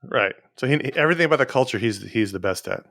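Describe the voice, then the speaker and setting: A man's voice: medium pitch, expressive, quick pace, fairly bright tone, no room sound, clean studio sound. A man co-hosting a podcast in a casual, chatty way, running through announcements and listener emails. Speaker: podcast co-host.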